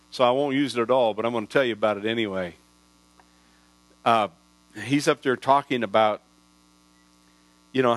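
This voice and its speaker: Here a man in his sixties, a pastor, rambles through sermon stories in a folksy way, often breaking off to restart a sentence. His voice sits in the mid range with a fairly bright tone. The recording is low in quality, dry, and carries a mains hum.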